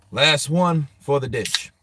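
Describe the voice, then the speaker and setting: Over a noisy background, a fairly high-pitched male voice runs a profane, casual boxing show. This American host reads comments from viewers, laughs a lot, and speaks loosely and crudely right to his chat.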